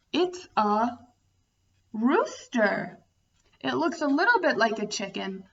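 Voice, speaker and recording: A woman teaching young children about farm animals, speaking slowly and making animal sounds. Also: mid-range voice, vocal fry, fairly bright tone, highs cut off. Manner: slow, sing-song, imitating animal sounds. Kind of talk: children's storytime lesson.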